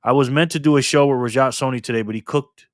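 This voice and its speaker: Chatty and excitable, a live-stream host reads out viewer comments quickly, with big swings in pitch and volume. The sound is dry and clean, studio grade.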